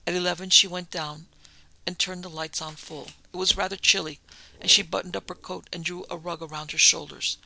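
A man reading a ghost story aloud as narrator, in a measured, dramatic manner. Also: high-pitched, fairly even intonation, gravelly, bright, forceful tone, poor audio.

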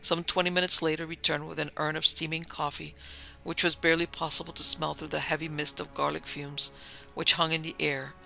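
A man narrating a dark story in a measured, grave manner. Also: fairly high pitch, little pitch movement, gravelly, soft background music, poor audio.

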